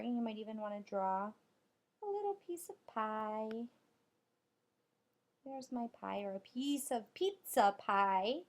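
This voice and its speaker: Slow, gravelly-voiced woman teacher. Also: on the high side. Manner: spells out letters and claps out syllables deliberately. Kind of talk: recorded spelling lesson for young children.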